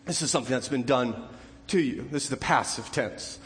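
A man preaching a sermon as pastor, swinging from hushed, low passages up to loud, high exclamations. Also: brisk, long reverb tail. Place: church.

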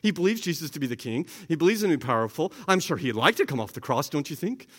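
A man preaching a sermon as pastor, earnest, rising high and loud at the big points and dropping soft and slow for quoted words. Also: sing-song. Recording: long reverb of a large hall.

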